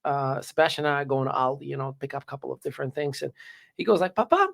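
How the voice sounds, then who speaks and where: A man's voice: medium pitch, monotone, quick pace, gravelly, fairly bright tone. A man in an interview, telling a family story in a candid, casual way and often repeating words as he goes. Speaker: interview guest, caterer.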